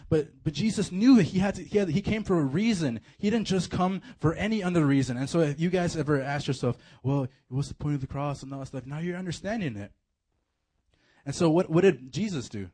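A man preaching a casual, animated sermon to a youth group, full of slang and fillers. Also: on the high side, fairly quick, breathy edge. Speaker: youth pastor.

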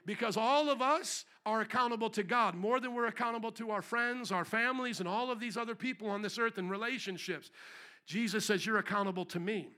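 A man delivers a fiery church sermon in a strikingly high voice. His tone is bright and forceful, and it cuts through the room. He drops to quiet asides, then climbs back up to shouted emphasis. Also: a little fast. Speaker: pastor.

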